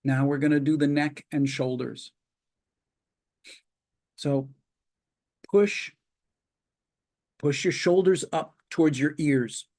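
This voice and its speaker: A man with a fairly high-pitched voice runs a webinar as a psychologist, calmly taking listeners through progressive muscle relaxation. Heard over a video call, he gives slow instructions one step at a time and leaves long pauses.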